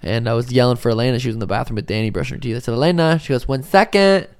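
A man's voice: medium pitch, very fast, clean tone. A young man hosting a podcast in casual chat, swearing often and acting out quotes. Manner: animated, swears a lot, acts out quotes. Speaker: podcast host.

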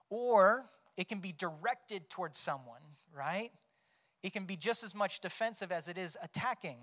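Pastor, male, higher-pitched voice, chatty sermon delivery that keeps asking "right?". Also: normal speed, fairly bright tone. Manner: conversational, tags points with "right?"; storytelling, acts out quoted lines.

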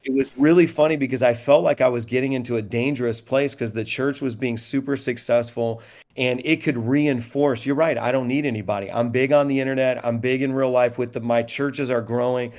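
A man's voice: medium pitch, fairly even intonation, a little fast, darkish tone. A middle-aged man who is a pastor, talking reflectively in a podcast with joking asides. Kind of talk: candid podcast conversation.

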